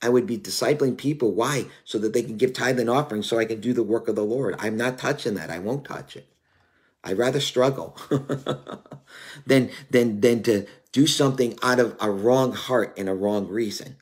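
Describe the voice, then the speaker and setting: A man's voice: mid-range voice, normal speed. A man in his fifties preaching a sermon in an earnest, confessional way, often using "you know" as he thinks.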